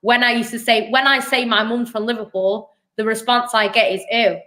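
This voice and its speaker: Woman, bright and crisp tone, chatty, argues her point, football fan stream. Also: a little high, fairly even intonation, fairly quick. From Manchester, England. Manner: chatty, argumentative, lots of "do you know what I mean". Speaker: co-host of a football fan show. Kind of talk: casual live-stream football chat.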